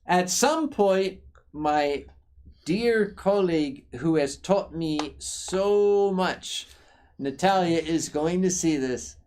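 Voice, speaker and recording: A man hosting a tipsy, casual drinking stream, telling stories slowly and deliberately. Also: high-pitched, a little mellow. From Philadelphia. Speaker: host.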